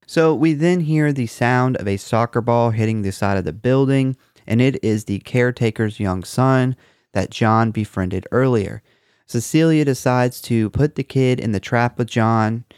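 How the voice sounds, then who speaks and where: A man's voice: mid-range voice, a little mellow, clear, resonant tone, no echo, studio quality. A man co-hosting a casual horror movie podcast, recapping the plot with lots of swearing and laughter. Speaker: podcast co-host.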